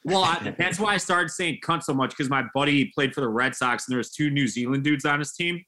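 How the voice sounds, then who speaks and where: A man's voice: on the high side, a little fast, crowd noise. A man with a Chicago accent telling stories in casual podcast chat, swearing freely.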